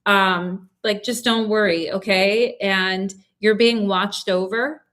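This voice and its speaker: A young woman with a bright, clear voice reads tarot cards live for her viewers. She talks in a soothing, reassuring way and keeps checking in with them as she goes. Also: mid-range voice, steady tone, slow. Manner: soothing, reassuring, lots of "okay?" check-ins. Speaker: tarot reader. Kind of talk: live-stream tarot reading.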